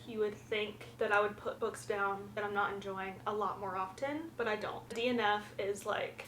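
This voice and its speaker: A young woman from the American South giving frank, chatty book reviews in a casual vlog, full of fillers. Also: mid-range voice. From Southern United States, the Carolinas. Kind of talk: casual chat. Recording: roomy echo, faint background hiss.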